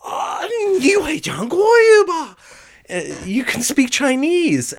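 A man voicing a flustered, excitable shopkeeper who stammers in a raised, high voice. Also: measured pace. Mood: astonished.

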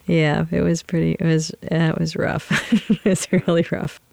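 Low, gravelly woman telling stories. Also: flat delivery, measured pace, a little mellow, dry recording. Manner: candid, laughs often while telling stories. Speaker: playwright and solo performer. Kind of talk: interview conversation, storytelling.

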